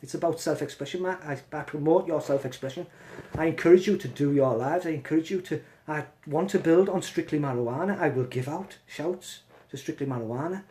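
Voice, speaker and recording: A man's voice: a little high, brisk, mellow, a little hiss or hum. A man hosting a casual live stream from his phone, talking bluntly and swearing as he calls someone out.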